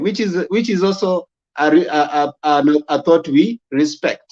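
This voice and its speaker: A man hosts a talk debate, patiently explaining how to argue a point. His voice sits a touch high. The sound is dull and lo-fi. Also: moderate pace. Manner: calm, lecturing, conciliatory. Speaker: host. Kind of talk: moderating a debate.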